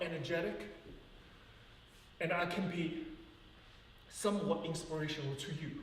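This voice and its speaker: A man's voice: a little high, a little hiss or hum. A man teaching a live ballet class, speaking earnestly and counting out rhythms aloud. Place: large echoey dance studio. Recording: far-off voice in an echoey hall.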